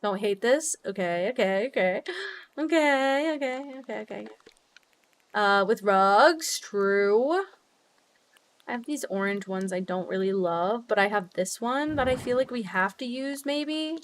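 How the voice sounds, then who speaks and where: Young woman streamer, middle pitch, bubbly and loose-mouthed, chatty game-stream delivery with sudden squeals. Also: expressive, unhurried, dry recording. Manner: bubbly, swears freely, laughs often, big jumps in pitch. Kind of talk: casual livestream chat while gaming.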